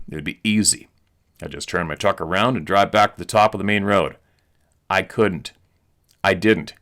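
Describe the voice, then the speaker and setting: A male host reading a listener's eyewitness letter aloud in an earnest, steady storytelling manner. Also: low voice.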